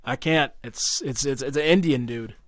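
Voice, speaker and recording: A young man with a medium-pitched voice speaks at normal speed as a guest in a casual podcast chat. His long personal story gets heated and profane, full of fillers and restarts.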